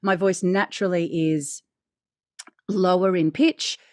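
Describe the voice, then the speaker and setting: An Australian woman co-hosting a podcast in casual, candid chat, with a naturally deep, slightly husky voice. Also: unhurried, no room sound, clean studio sound. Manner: candid and animated, swears casually. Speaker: podcast co-host.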